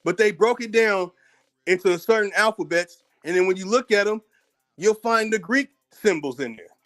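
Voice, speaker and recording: At a moderate pace, in a high, fairly bright voice, an American channel host rants angrily and profanely. He gets combative, repeating words as his temper rises.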